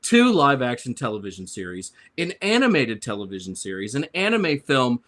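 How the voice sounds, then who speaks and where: A man's voice: medium pitch, very animated, normal speed, a bit bright. A man on a discussion panel reading his prepared comic review aloud in a sarcastic, grumbling way.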